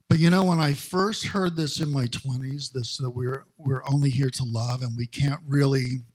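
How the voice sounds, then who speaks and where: A middle-aged male minister giving a sermon, telling personal stories in a slow, conversational way with wry humor. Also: medium pitch, darkish tone.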